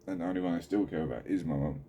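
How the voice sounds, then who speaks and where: A man speaking candidly in a video diary, halting and full of swearing, sitting at home. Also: low-pitched, warm tone, dull audio, a little hiss or hum. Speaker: channel host.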